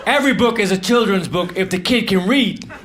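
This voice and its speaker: A man with a fairly high voice tells stand-up one-liners in a flat, deadpan, halting way, muttering self-deprecating asides between jokes. He is on a comedy stage with a handheld mic. The live recording carries a steady layer of noise. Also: crowd noise. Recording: noisy live show recording.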